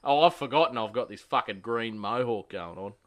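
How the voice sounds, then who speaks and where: Young aussie bloke telling a wild pub story, swears a lot, does the voices. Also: male voice, mid-range voice, a little fast, fairly bright tone. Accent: Australian. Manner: rowdy storytelling, heavy swearing, acts out quoted lines. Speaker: podcast host. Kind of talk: casual chat.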